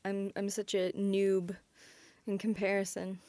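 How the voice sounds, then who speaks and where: A woman hosting a podcast in casual chat, talking in quick bursts with lots of fillers and restarts. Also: mid-range voice, monotone, warm tone, no room sound, clean studio sound. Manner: chatty, frequent fillers and restarts, laughs easily. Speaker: podcast host.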